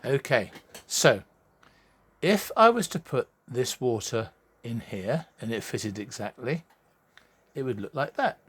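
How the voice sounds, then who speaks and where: This science teacher's mid-range voice is sing-song and a bit bright, and he talks a little slowly. He cracks puns through a lighthearted lesson, explaining step by step as he draws, with a noticeable room echo around him.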